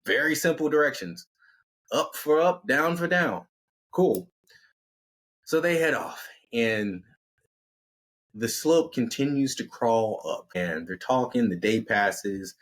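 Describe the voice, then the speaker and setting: A man narrating a story in a relaxed, conversational style, his voice mid-pitched with a husky grain. He keeps it lively and casual, slipping into the characters as he goes. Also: a little slow. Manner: conversational, animated, acts out characters.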